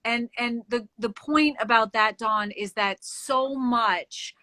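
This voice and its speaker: A woman speaks as an interview guest in an earnest, measured way. Her voice is bright and sits a little high, and the sound is dry. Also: no room sound. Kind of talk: interview conversation.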